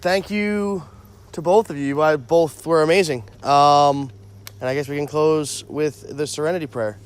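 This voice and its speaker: A man closing a recovery meeting and leading a group prayer in a gentle, measured way. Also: a little high, steady tone, slight background noise. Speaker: meeting chair.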